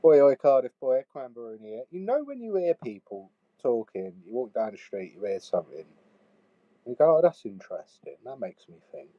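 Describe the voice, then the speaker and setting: A man's voice: on the low side, big pitch swings, normal speed, dry recording, dull audio. Sweary man leaving comic voicemails. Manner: sweary, swings from shouting to hushed sighing. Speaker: comedy podcaster.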